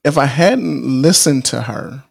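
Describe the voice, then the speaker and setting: A man's voice: medium pitch, measured pace, gravelly, breathy edge. A middle-aged man hosting a podcast, giving earnest motivational advice in a casual, preachy way, often repeating himself and restarting phrases. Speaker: podcast host.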